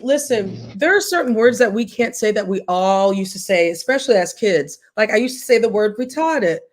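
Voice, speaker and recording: A woman co-hosting a casual chat show, talking in a blunt, profane, animated way. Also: mid-range voice, moderate pace. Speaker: podcast co-host.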